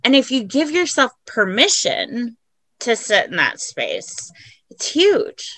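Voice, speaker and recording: A woman's voice: a little high, wildly swooping pitch, slow pace, a bit bright, no echo. A woman in recovery chatting frankly on a podcast, swearing freely. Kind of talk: casual conversation.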